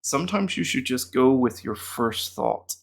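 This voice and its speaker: A man's voice: mid-range voice, expressive, measured pace, husky. A man, a German teacher, chatting casually and mocking himself as he works through language app exercises aloud. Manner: chatty and self-mocking, muttering answers aloud.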